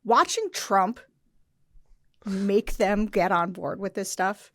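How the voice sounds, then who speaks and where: A woman co-hosting a political podcast in casual chat, sardonic with quick asides. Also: medium pitch, dry recording, studio quality. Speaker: podcast co-host.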